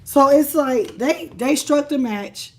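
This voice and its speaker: A woman's voice: high voice, slow pace, a little hiss or hum. A woman doing a live tarot reading. She talks straight to viewers, greets the chat by name and repeats phrases for emphasis. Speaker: tarot reader.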